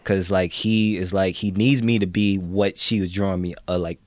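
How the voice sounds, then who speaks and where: A man with a very deep voice talks as a guest on a casual podcast. He speaks reflectively and from the heart, pausing often with fillers. The recording is dry and close-miked. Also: fairly even intonation, a little mellow, no echo.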